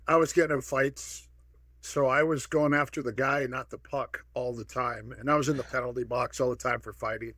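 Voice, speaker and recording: A man's voice: mid-range voice, moderate pace, no echo, clean studio sound. Man in his sixties telling stories. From Minnesota, USA. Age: 60s. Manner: lively anecdotal, acts out quoted dialogue. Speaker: guest, martial arts pioneer. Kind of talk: casual storytelling.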